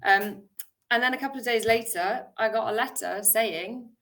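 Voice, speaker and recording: British actress guest, animated storyteller, voices her younger self. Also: on the high side, moderate pace. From United Kingdom. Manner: animated, laughing storyteller who acts out her past self. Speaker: actor and guest. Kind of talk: storytelling interview talk.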